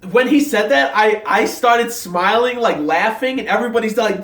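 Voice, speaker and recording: A young man excitedly rambling through an episode reaction, full of fillers and restarts. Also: sits high, moderate pace. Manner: rambling, filler-heavy talk, many restarts; excited, hyped. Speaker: anime reviewer. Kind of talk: casual episode reaction vlog. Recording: echoey room, mic set at a distance.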